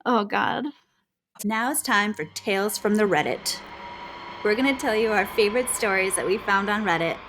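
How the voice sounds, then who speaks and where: A woman in her thirties co-hosting a casual podcast, animated and quick to laugh, acting out quotes as she reads stories. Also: mid-range voice. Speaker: podcast co-host, labor nurse. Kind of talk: casual chat, reading stories aloud.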